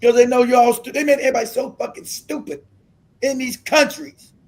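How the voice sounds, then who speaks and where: A man hosting a live stream, ranting in a profane, combative way and shouting at times. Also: very high-pitched, fairly even intonation, a little fast. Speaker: streamer host.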